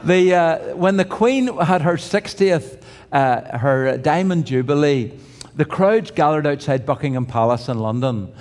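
A man's voice: on the high side, unhurried, darkish tone. An older man preaching a sermon in a conversational way, with restarts and humorous asides. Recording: reverberant hall.

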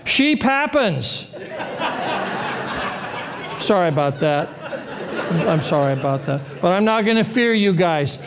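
A man preaching a sermon, animated and joking, acting out the voices of the people in the story. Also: sits high, takes it slowly, long pauses, very noisy. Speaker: pastor.

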